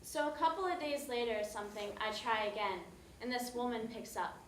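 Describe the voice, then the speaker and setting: A woman's voice: lively intonation, brisk, slight background noise, close to an everyday voice. An actor on stage playing a tired, exasperated young woman who swears casually while telling how she lost her phone. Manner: casual, swearing, acts out shrill calls. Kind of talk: stage monologue. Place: theater stage. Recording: echoey stage room.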